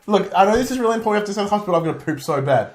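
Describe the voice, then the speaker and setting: A man's voice: high voice, sing-song, fast talker. Man ranting, echoey room. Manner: ranty, swears, mimics characters. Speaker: podcast co-host. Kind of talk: casual film review chat.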